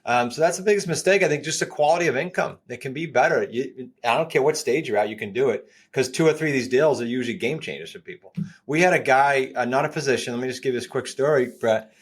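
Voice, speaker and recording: A man in his fifties with a New England accent, a guest on a podcast interview, pitching his ideas with energy and repeating key points. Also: fast, breathy edge. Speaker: guest, real estate coach.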